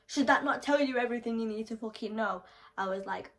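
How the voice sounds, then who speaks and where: A woman's voice: a little high, fast. Blunt swearing young British woman. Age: young adult. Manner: swears heavily, animated and blunt; throat-clearing. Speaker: storytime vlogger. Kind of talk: casual storytelling.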